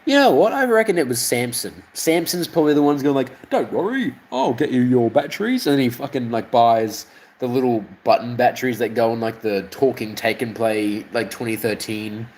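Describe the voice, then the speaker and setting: Rambling, sweary Australian streamer. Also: male voice, mid-range voice, normal speed, darkish tone, low-quality recording. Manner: rambling, swears a lot, chuckles often. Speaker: livestreamer. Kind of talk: casual livestream chat.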